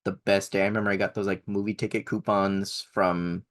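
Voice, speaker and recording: Young male podcast co-host, lowish voice, rambling and keen, laughs a lot. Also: flat delivery, a little fast. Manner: enthusiastic, rambling, laughs often. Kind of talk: casual chat.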